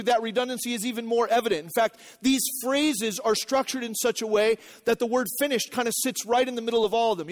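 A male pastor preaching a sermon in an earnest teaching manner, repeating key phrases and checking that the congregation follows. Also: very high voice.

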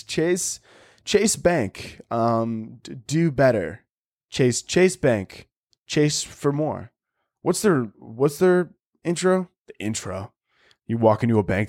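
A man's voice: medium pitch, darkish tone, no room sound, studio quality. A young man hosting a solo comedy podcast, crude and mock-aggressive, often laughing at his own jokes. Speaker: podcast host.

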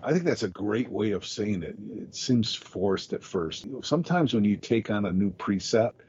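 A man's voice: lowish voice, expressive, normal speed, a little mellow, dull audio, a little hiss or hum. A man hosting a casual podcast conversation, explaining ideas in a coaching tone.

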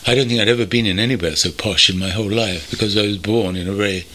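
An older man from North London, reminiscing thoughtfully as an interview guest, pausing often with ums. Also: on the low side, sharp tone, a little hiss or hum. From North London, England. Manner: thoughtful, measured, with many pauses and ums. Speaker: interview guest, veteran copywriter. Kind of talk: reflective reminiscing. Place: country home.

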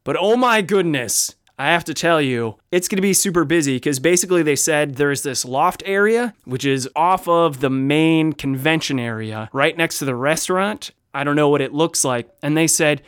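A man with a slightly raised pitch co-hosts a casual podcast, playful and quick to joke. His voice is smooth and close, recorded dry with almost no room around it. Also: no room sound. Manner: playful, jokey, animated asides. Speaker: podcast co-host.

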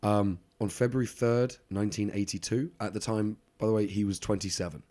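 A man's voice: on the low side, fairly even intonation, a little fast, dark tone. A man co-hosting a podcast, telling a true-crime story casually with lots of ums and side remarks. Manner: rambling, lots of ums, laughs along. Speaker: podcast co-host.

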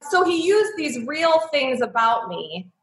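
A woman's voice: high-pitched, very animated, measured pace, roomy sound, rough recording. A woman in her thirties telling her personal story as an interview guest, candid and emotional, with many likes and ums.

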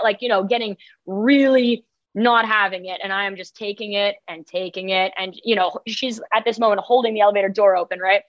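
A young woman from New York City, a guest musician on a podcast, telling animated stories and swearing casually. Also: mid-range voice, fairly quick, hardly any pauses, dull audio.

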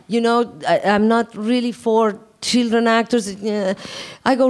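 Animated woman telling a story. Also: a little high, normal speed, few pauses. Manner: animated, laughing, acts out quoted dialogue. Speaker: guest answering questions. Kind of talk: casual storytelling and Q&A.

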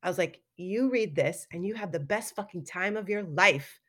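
A middle-aged woman telling stories in a casual interview, animated and acting out quoted lines with laughter. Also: lowish voice, moderate pace. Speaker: guest artist and educator.

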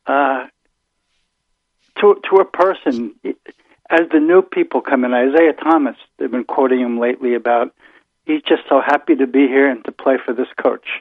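A man's voice: mid-range voice, dry recording. Older man on a phone line. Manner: measured, thoughtful, hesitant restarts. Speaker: caller, the host's father. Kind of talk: casual sports chat.

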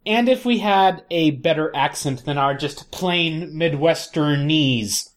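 A woman's voice: deep voice, slow pace. A woman co-hosting a podcast in casual banter, dry, trying to get a word in. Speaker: podcast co-host.

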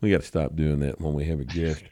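A man's voice: very deep voice, level tone, fast, warm tone, dry recording, clean studio sound. A man hosting a casual podcast chat, blunt and opinionated, with some profanity. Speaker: show host.

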